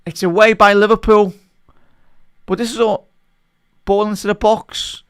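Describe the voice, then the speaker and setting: A man with a fairly high, smooth voice calls a football match live for his online chat. He is an excitable fan who mutters through quiet spells, then erupts in outrage at refereeing calls. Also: unhurried, long pauses. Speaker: watch-along match commentator. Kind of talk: live fan watch-along commentary.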